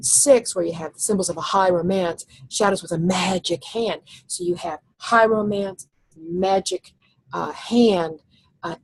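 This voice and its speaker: Gravelly low-voiced woman teaching. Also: low-quality recording. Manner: explanatory, thinks aloud, slows to read verse lines. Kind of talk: recorded slide lecture on poetry.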